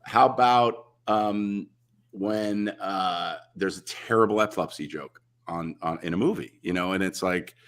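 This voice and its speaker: A man, a guest on a talk show, chatting casually and telling lively anecdotes over a video call. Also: sits low, a little slow. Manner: animated storyteller, acts out other people's lines.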